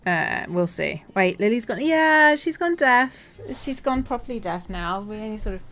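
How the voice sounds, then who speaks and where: A woman live-streaming from home, chatting casually to viewers, giggly and excitable. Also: medium pitch, normal speed, soft background music.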